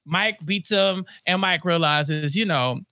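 Male podcast co-host, dry close sound, lively chatty delivery with acted-out quotes. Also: sits high, dry recording. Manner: animated, acts out characters' lines in quick bursts. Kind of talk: casual recap chat.

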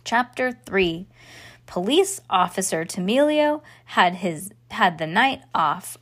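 A woman's voice: mid-range voice, animated, slow, fairly bright tone. A woman hosting a children's podcast, reading a storybook aloud with playful character voices and chatty asides.

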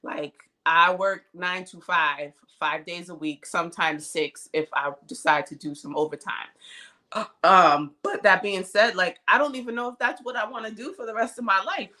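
A woman's voice: on the low side, moderate pace, bright, forceful tone. A woman in her thirties co-hosting a podcast, talking candidly and chattily, often laughing, recorded on a cell phone. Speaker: podcast co-host. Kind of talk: casual chat.

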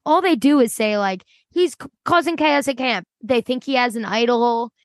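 A woman's voice: on the high side, moderate pace, no room sound, clean studio sound. Slangy, chatty woman co-host. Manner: chatty, emphatic, uses slang, swears. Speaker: podcast co-host. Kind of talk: casual chat.

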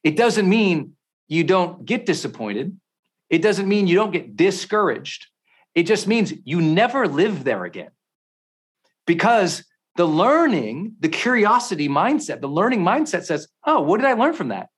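A middle-aged man giving a motivational talk as a podcast host, telling stories with intense swings from quiet to loud. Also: sits high, very animated, a little slow, slightly rough.

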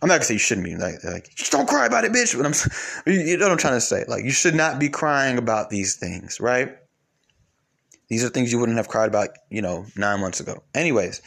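A man giving a preachy monologue to his viewers, emphatic, swinging between loud and low.

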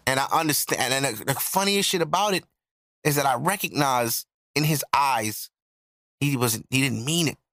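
A man's voice: medium pitch, a bit bright, no echo, clean studio sound. Blunt man in his thirties telling a story. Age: 30s. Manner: blunt, profane, reflective. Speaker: podcast host. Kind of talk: casual storytelling.

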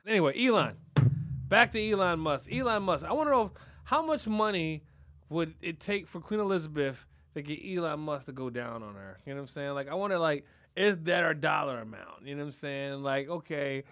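A man's voice: high voice, lively intonation, a little fast, fairly bright tone. A man co-hosting a podcast, rambling through crude casual banter full of profanity and "you know what I'm saying.". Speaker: podcast co-host.

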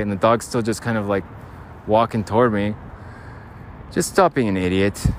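A fairly low-pitched, animated man hosts his own podcast while walking outdoors, talking at normal speed in a rambling solo monologue full of blunt rants and offhand swearing. A little hiss or hum sits under the recording.

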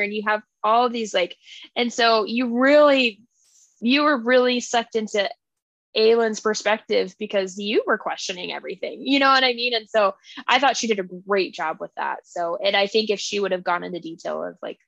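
A young woman co-hosting a casual book podcast, retelling scenes in an animated, gushing way with lots of fillers. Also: mid-range voice, normal speed, vocal fry, dry recording, lo-fi sound. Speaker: podcast co-host.

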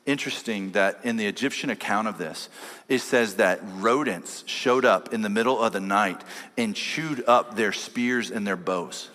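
A man's voice: on the low side, normal speed, a bit bright. A man preaching a sermon as a pastor, telling a story and quoting his family along the way. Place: church sanctuary. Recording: long church hall reverb.

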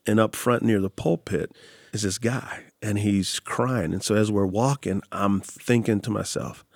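A man's voice: on the low side, measured pace, creaky, no room sound, studio quality. A man who is a pastor, telling stories in an interview and acting out the quotes in them. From San Antonio, Texas. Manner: animated storyteller, acts out quotes. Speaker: pastor and author. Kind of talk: storytelling in an interview.

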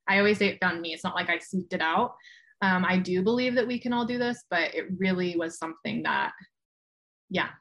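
Chatty woman telling her story. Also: lowish voice. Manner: chatty, animated retelling with quoted voices. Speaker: guest, medium. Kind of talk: casual storytelling interview.

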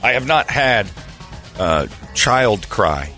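A middle-aged man in casual chat, telling a story with animated retellings of what people said. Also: lowish voice, slow pace, soft background music. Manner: animated storytelling, acting out voices.

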